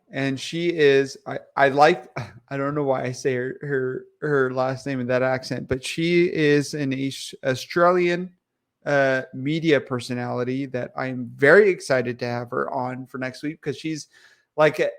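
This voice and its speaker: A man co-hosting a casual podcast, joking, swearing and laughing easily. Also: fairly high pitch. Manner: joking, profane, quick to laugh. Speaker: podcast co-host.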